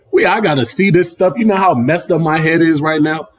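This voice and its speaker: Speaking at a moderate pace in a voice that runs a little high, a young man hosting a livestream goes on a casual rant full of slang. He circles over the same points repeatedly, captured on his livestream mic.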